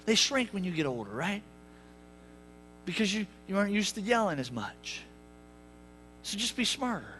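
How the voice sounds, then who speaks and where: A male pastor giving a sermon, telling funny family stories in an animated way. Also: high-pitched, normal speed, pauses often, faint music behind. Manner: animated, jokey, acts out voices. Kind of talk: sermon with humorous storytelling. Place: church sanctuary.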